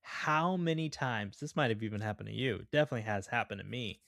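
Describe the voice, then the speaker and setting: A man's voice: lowish voice, animated, brisk, creaky, fairly bright tone, no room sound, clean studio sound. Chatty man co-hosting a podcast. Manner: chatty, with laughs and restarts. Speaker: podcast co-host. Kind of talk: casual film chat.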